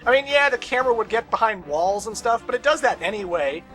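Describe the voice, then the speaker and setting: A man's voice: high-pitched, expressive, quick pace, pushed and bright, soft background music. A young man commenting on a video game as he plays, casual and sarcastic, with ranting asides and swearing. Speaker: let's play host.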